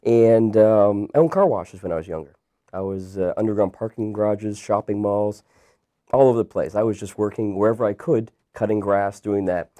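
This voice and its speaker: Low-voiced Canadian man in his thirties. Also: normal speed. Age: 30s. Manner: relaxed, rambling with many fillers and restarts. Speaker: guest entrepreneur. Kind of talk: casual interview storytelling.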